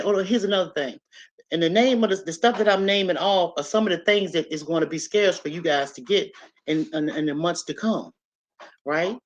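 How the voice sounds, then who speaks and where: A woman hosting a casual instructional vlog, chatty and repetitive, often checking in with "okay?" and "right?". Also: on the low side. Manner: chatty, repeats herself, asks "okay?" and "right?". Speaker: channel host. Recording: slightly dull lo-fi audio.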